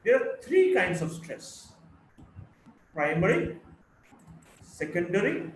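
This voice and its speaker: A man from India with a Bengali English accent, giving a slow phonetics lecture and reading word lists aloud, repeating words for drill. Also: high-pitched, sing-song, far from the mic. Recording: very echoey room, faint background hum.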